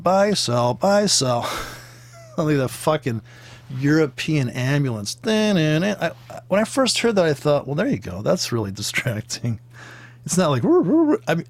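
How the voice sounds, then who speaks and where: A man talking loosely through a live trading session, drifting between market talk and stray stories. He swears casually, laughs at his own jokes and imitates sounds as he goes. His voice sits in an ordinary middle pitch. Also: dry recording. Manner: profane, joking, tangent-prone, with laughs and sound imitations. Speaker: forex trading streamer. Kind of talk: rambling casual commentary over trading charts.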